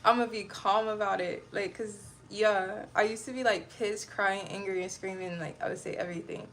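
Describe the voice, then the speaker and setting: A woman's voice: mid-range voice, fairly even intonation, normal speed, a bit bright, soft background music. A young woman livestreaming and chatting casually with her viewers, blunt and irritable and rambling from one thought to the next.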